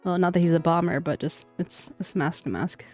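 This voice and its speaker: A woman's voice: fairly low pitch, fairly quick, a little mellow, soft background music. Chatty woman streamer thinking aloud. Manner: rambling, thinks aloud with restarts. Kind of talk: casual let's-play commentary.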